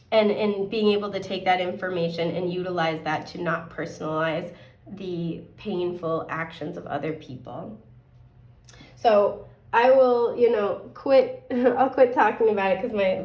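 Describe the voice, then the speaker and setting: A woman giving a casual tarot card reading, chatty and upbeat, her voice a bit hoarse and often clearing her throat. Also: medium pitch, a little slow, darkish tone, roomy sound, recorded from a distance. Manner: chatty, upbeat, rambling with fillers.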